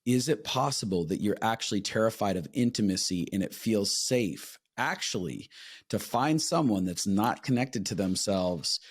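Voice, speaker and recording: A man's voice: on the low side, lively intonation, moderate pace, husky, no echo, clean studio sound. A man who works as a marriage counselor, explaining his ideas earnestly in a casual podcast conversation and acting out what his clients say.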